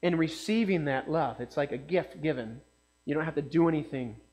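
A man's voice: fairly high pitch, moderate pace, a little mellow, dull audio. A man preaching a casual sermon in a conversational way, often checking in with his listeners.

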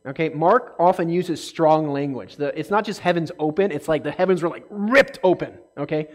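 A man teaching a casual Bible study, talking conversationally and checking in often with listeners, and getting animated when reading scripture aloud. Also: on the high side.

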